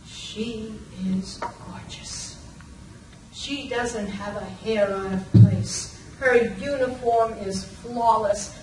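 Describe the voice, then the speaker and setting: Older woman, from Massachusetts, live storyteller, animated, slow and unhurried, roomy distant recording, faint background hiss. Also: fairly high pitch. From Lawrence, Massachusetts. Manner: animated, shifting into voices and snatches of song. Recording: roomy, distant from the mic, faint room noise.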